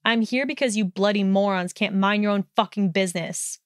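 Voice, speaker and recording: A woman's voice: medium pitch, brisk, smooth, no room sound, studio quality, close to an everyday voice. A woman voicing a hot-tempered young male wizard in a storybook reading, snarling and sneering. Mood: scornful.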